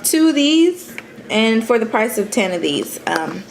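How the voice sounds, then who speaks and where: A woman's voice: on the high side, sing-song, unhurried, creaky. A young woman giving a casual makeup tutorial at home, chatty and sassy, calling her viewers honey. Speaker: beauty vlogger. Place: home, seated in a chair.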